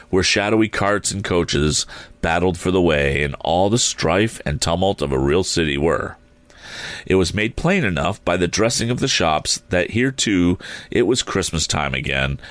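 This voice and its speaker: A man narrating a classic story aloud in an expressive, theatrical way. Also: low-pitched, dry recording. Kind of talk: audiobook reading.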